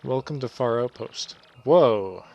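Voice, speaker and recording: A man's voice: on the low side, fairly even intonation, unhurried, highs cut off. Pompous male bob-omb, mustache reader, theatrical broken English, video game voice, done by a man.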